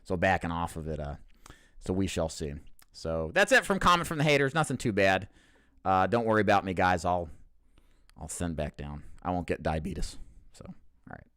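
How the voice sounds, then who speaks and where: Guy in his 30s talking casually to camera, jokes about himself, lowish voice, no room echo. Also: very animated, moderate pace, a bit bright, smooth, studio quality. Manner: candid, joking, self-deprecating, with frequent restarts. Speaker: insurance agency owner and host.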